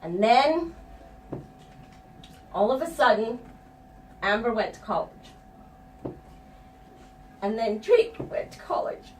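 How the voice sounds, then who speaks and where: A woman's voice: on the high side, animated, takes it slowly, pauses often, slight background noise. Frank, profane middle-aged woman storyteller. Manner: frank, profane, laughing at herself. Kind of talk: live personal storytelling. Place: stage before a live audience. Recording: echoey room, distant mic, faint ambience.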